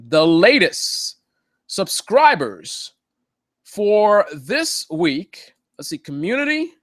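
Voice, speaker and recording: A man's voice: sits high, sing-song, drawn-out words, a bit bright, no echo, studio quality. A man hosting a live motorcycle channel update, talking casually in a joking, rambling way with lots of fillers.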